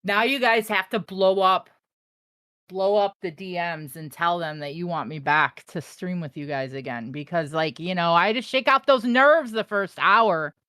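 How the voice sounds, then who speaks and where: A young woman from the Chicago area with a Chicago accent, running a live trading stream. She talks in a casual, brash way, teasing her viewers in a slightly low voice. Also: normal speed, clear, resonant tone. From Chicago area, USA. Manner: animated, brash and joking with chat.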